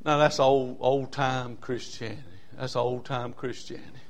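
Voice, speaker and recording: A man's voice: mid-range voice, normal speed, slight background noise. Folksy preacher in his sixties. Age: 60s. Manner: folksy, animated storyteller with bursts of shouting. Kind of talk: sermon storytelling.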